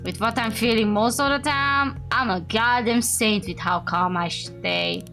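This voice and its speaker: A woman's voice: a little high, measured pace, creaky, bright, forceful tone, faint music behind, heavily acted. A woman voicing a drunk, short-tempered female homicide detective who talks bluntly and swears. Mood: bitter.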